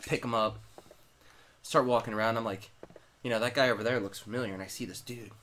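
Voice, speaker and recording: A man's voice: mid-range voice, steady tone, fast talker, a bit bright, a little hiss or hum. Young guy chatting while he plays a horror game, rambly and a bit crude, medium voice. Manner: rambling storyteller, swears freely. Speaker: gaming co-host. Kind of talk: casual chat while playing a horror game.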